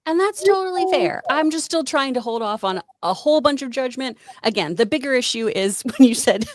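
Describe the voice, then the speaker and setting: A woman co-hosting a casual film talk show, with a voice a little higher than most and a dry, close sound. She weighs her views in a measured, expressive way. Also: dry recording. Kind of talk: casual panel chat.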